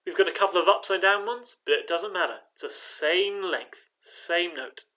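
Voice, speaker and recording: A man's voice: high voice, normal speed, bright, forceful tone. A man leading an online choir rehearsal from his living room, chanting rhythm syllables, counting in and encouraging the singers. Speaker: choir director.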